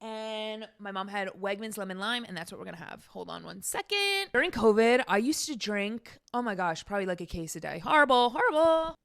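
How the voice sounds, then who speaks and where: A woman's voice: medium pitch, animated, fairly quick, vocal fry, hardly any pauses. A young adult woman hosting her own podcast, talking in a casual, exasperated rant full of fillers and sarcasm. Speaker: podcast host.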